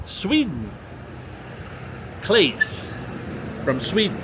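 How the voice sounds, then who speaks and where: Lively older man vlogging outdoors. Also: fairly high pitch, takes it slowly, pauses often, a little hiss or hum. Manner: warm, chatty, repeats greetings. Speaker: vlogger reading viewer comments. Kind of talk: casual walking vlog. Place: outdoors downtown street.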